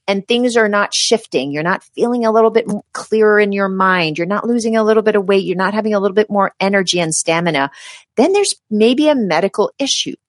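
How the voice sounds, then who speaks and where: A woman's voice: medium pitch, dry recording, studio quality. A middle-aged woman, a healthcare provider, giving emphatic advice as a guest in a casual interview and acting out her patients. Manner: animated, emphatic, acts out quoted patients.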